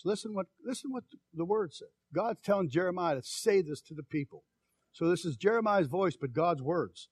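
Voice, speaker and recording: A middle-aged male pastor preaching a sermon in a folksy, storytelling way, moving from soft, slow, hushed passages to loud, emphatic calls. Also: a little high, expressive, vocal fry, breathy edge, no room sound. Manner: folksy, tells personal stories.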